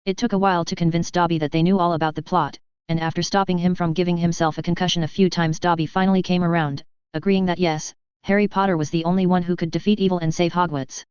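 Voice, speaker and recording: A woman reading fan fiction aloud as narrator, with a steady, even storytelling delivery. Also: on the low side, fast, hardly any pauses, clean tone, dry recording, highs cut off. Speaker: audiobook narrator. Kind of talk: scripted narration.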